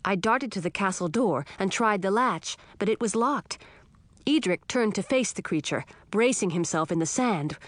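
Lady reading a kids story out loud, clear and even, dry mic no room. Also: mid-range voice, no room sound. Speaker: audiobook narrator. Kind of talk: scripted first-person narration.

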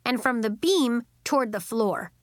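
A woman's voice: fairly high pitch, animated, unhurried, dry recording, clean studio sound. A woman voicing a confident, kind young girl in a storybook reading, speaking in a friendly, take-charge way.

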